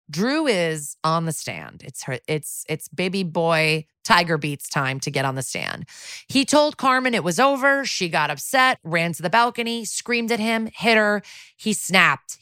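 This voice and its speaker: A woman with a slightly low voice co-hosts a chatty podcast, recapping a TV plot with lively, profane asides. She acts out the characters' lines as she goes, and the recording is close and dry. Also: dry recording. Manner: animated, swearing, acts out quotes. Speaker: podcast co-host. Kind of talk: casual recap of a TV episode.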